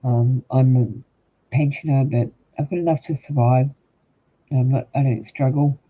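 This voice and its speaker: A man's voice: medium pitch, fairly even intonation, unhurried. An older man with an Australian accent, chatting casually and rambling with livestream viewers, full of ums, as a tarot reader. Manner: rambling, chatty, frequent ums, talks straight to chat. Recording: tinny phone-like husky audio.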